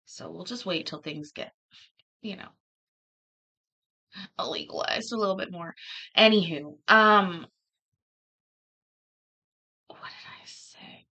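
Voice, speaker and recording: A woman's voice: fairly low pitch, unhurried, long pauses, sharp tone. A woman hosting a livestream, chatting casually and rambling, often laughing between thoughts. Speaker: livestream host.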